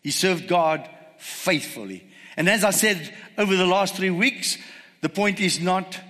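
Male preacher, high bright voice, emphatic sermon delivery with rhetorical questions; reverberant church hall. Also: animated. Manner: emphatic, rhetorical questions, slows words for stress.

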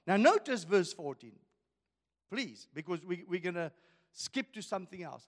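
A male pastor preaching a sermon, emphatic and full of rhetorical questions, swinging from loud declarations to hushed asides. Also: high-pitched, big pitch swings, moderate pace, in a large hall.

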